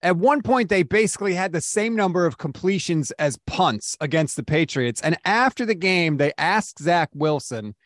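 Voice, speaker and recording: A man with a high, very lively voice hosts a sports talk segment, firing off punchy questions and his own takes. The sound is dry and close. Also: moderate pace, hardly any pauses, no echo.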